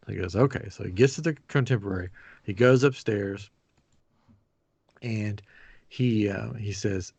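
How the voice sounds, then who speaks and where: A man hosting a podcast, telling a story in a casual chat with lively acted-out quotes. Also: mid-range voice, normal speed, gravelly, pauses often, no echo. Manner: animated retelling with acted quotes. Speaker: podcast host.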